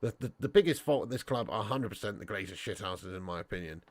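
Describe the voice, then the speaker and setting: A man with a stuffy nose hosts a football fan live stream, reading viewer comments and chatting bluntly with them while swearing freely. His voice is lowish, fast, and lively in intonation, with no room sound.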